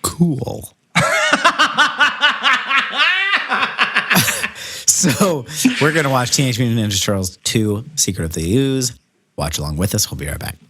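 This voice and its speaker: Male podcast co-host, low voice with lively swings, rambling and wry. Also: moderate pace. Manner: rambling, self-correcting, wry. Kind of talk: casual chat.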